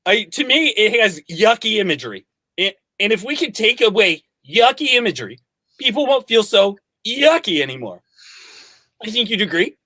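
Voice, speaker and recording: A man's voice: high voice, sing-song, normal speed, sharp tone, exaggerated voice. A man voicing a fussy, earnest office writer who speaks primly. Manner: prim, earnest, oddly fussy. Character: fussy eccentric male writer.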